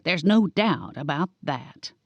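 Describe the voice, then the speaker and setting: A woman narrating a cozy audiobook in the first person, giving each character a lively voice. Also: low-pitched, takes it slowly, no room sound.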